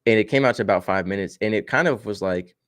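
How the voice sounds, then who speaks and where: A man's voice: on the low side, fast, fairly bright tone, no echo, studio quality. A man chatting casually on a video call, telling stories and cracking jokes with lots of fillers. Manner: joking, storytelling, many fillers. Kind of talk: casual chat.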